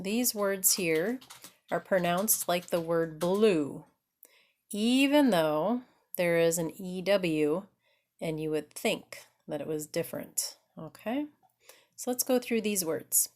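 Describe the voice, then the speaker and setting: A woman teaching pronunciation at an unhurried, deliberate pace. Her voice sits fairly low, and she often checks in with her learners. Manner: patient, slow, frequent "okay?" checks. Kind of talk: English pronunciation lesson.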